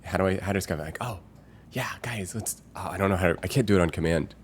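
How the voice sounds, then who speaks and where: A man's voice: deep voice, fairly even intonation, rapid-fire, slight background noise. A man live streaming in a casual chat with viewers. He rambles and thinks aloud with many fillers, reading out chat messages and greeting viewers as they arrive.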